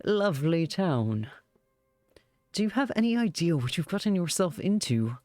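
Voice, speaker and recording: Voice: medium pitch, very animated, moderate pace, darkish tone, no room sound, soft background music, pitched above the performer's own voice, close to an everyday voice. A streamer doing a suave old vampire man. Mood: sly. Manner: fancy villainous put-on voice, half-British. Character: suave centuries-old male vampire, teasing.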